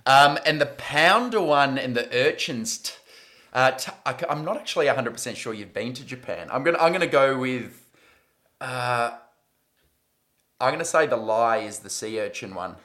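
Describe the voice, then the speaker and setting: A man's voice: mid-range voice, animated, normal speed, bright, forceful tone. A man with an Australian accent, co-hosting a podcast and thinking aloud in a hesitant, casual way. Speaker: podcast co-host.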